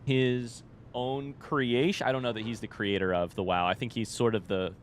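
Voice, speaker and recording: Excitable, swearing gamer man. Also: mid-range voice, normal speed, slight background noise. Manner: excitable, rambling and swearing, jokey. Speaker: let's-play gamer. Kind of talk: casual, unscripted game commentary.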